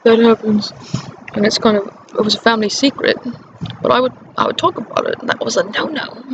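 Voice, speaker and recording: A woman vlogger telling a rambling personal story, halting and breaking into nervous laughter. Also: on the high side. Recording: muffled lo-fi with clear background noise.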